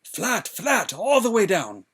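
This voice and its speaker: A man voicing a fierce, desperate swordsman who barks urgent commands in the dark. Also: high-pitched, wildly swooping pitch, slow pace, breathy edge, pitched above the performer's own voice, heavily acted.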